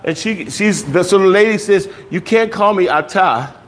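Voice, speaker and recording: This low-quality recording captures a man whose voice sits high, speaking at normal speed with hardly any pauses. He is teaching a language class, explaining patiently and regularly checking understanding with "okay?".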